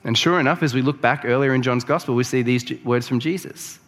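A man's voice: medium pitch, fast. A man preaching a sermon, explaining scripture in a conversational way that builds to emphatic peaks. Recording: long reverb of a large hall.

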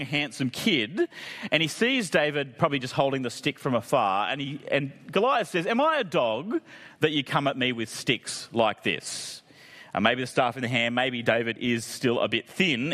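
A man's voice: medium pitch, a bit bright. A man preaching a sermon in a conversational way, with jokey asides. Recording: long reverb of a hall.

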